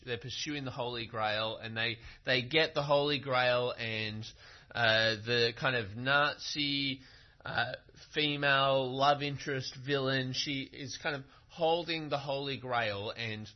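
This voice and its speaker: A male preacher delivers his sermon slowly and deliberately, leaning on rhetorical questions to drive points home. His voice sits at an ordinary middle pitch. The recording is muffled and lacks top end. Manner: storytelling, emphatic, with rhetorical questions.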